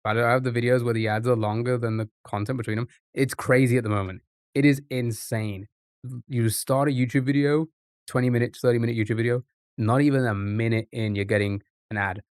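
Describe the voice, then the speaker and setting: A man's voice: mid-range voice, steady tone, fairly quick, clear, resonant tone, dry recording, clean studio sound. A man casually chatting on a live stream, rambling and thinking aloud, often repeating himself.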